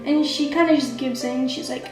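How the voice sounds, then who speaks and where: High-voiced woman chatting through a plot recap. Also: steady tone, moderate pace. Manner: chatty, constant "like" and "kinda" fillers. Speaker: amateur writer summarizing her own story. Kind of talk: casual spoken plot recap. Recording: echoey room with faint background music.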